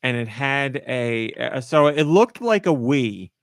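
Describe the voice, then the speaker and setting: A man hosting a podcast in casual chat, telling a story and acting out his own reactions with lively energy. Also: medium pitch, slow, dry recording, clean studio sound. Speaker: podcast host.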